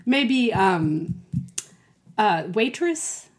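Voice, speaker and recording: A woman's voice: medium pitch, very animated, drawn-out words. A woman in casual film discussion as podcast co-host, hesitant and thinking aloud as she talks. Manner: hesitant, many fillers and restarts, thinking aloud.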